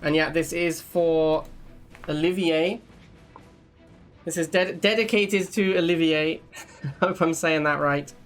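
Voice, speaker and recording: A man's voice: fairly high pitch, flat delivery, slow, pauses often, soft background music. A young man casually commentating a strategy game match, chatty and laughing at his own jokes. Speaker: gaming channel host. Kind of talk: live gameplay commentary.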